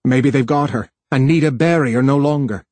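A man's voice: mid-range voice, normal speed, darkish tone, dry recording, natural voice. A man reading aloud plays a tense young male technician who speaks urgently.

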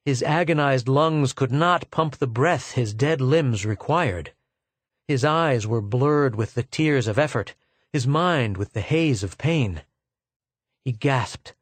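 A man reading a science fiction story aloud in a measured, dramatic way. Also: medium pitch, animated, no echo. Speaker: audiobook narrator. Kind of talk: scripted fiction narration.

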